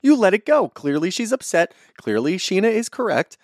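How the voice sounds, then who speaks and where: A man's voice: sits high, very animated, moderate pace, no echo, clean studio sound. A man co-hosting a podcast, chatting casually and ranting bluntly with plenty of swearing. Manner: blunt, heated, swears freely. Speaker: podcast co-host. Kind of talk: casual recap chat.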